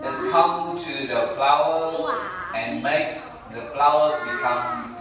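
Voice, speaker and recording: Slow, patient kindergarten teacher in echoey hall. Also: male voice, a little high. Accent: Vietnamese. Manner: slow, patient, simple phrasing, coaxing children to repeat. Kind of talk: classroom teaching with call-and-repeat. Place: large echoey classroom or hall. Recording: echoey hall, mic far off, noisy children.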